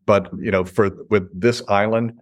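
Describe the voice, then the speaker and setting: Laid-back low-voiced man, chatty. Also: fairly even intonation, normal speed, no echo, clean studio sound. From Chicago. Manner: laid-back, chuckling storyteller. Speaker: artist and gallery owner. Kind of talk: casual interview chat. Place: his gallery.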